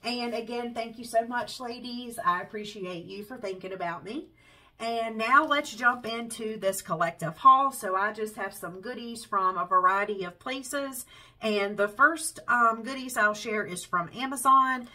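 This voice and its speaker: A woman's voice: fairly high pitch, unhurried, rough recording. Congested nasal Southern woman chatting. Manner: chatty, warm-hearted, says y'all and um a lot. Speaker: craft channel host. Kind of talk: casual chat to camera.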